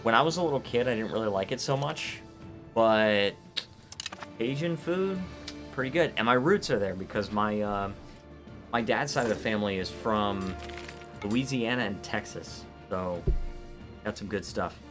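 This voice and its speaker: A man's voice: lowish voice, lively intonation, normal speed, over music. A man from Florida, chatting casually and rambling through a live game stream while he answers viewer chat. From Florida, United States.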